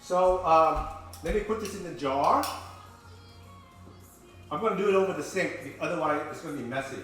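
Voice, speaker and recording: A man's voice: on the high side, normal speed, a bit bright. A man, chatting playfully to his viewers as he demonstrates cooking at home. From Vietnam. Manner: chatty, playful, talks to viewers as boys and girls. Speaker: home cook host. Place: home kitchen. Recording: very echoey kitchen, faint music.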